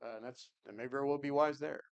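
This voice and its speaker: A man's voice: mid-range voice, steady tone, very fast, clear, resonant tone, muffled recording. Earnest man leading a Bible class. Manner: thinks aloud, earnest, discussion-led. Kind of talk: conversational Bible class teaching.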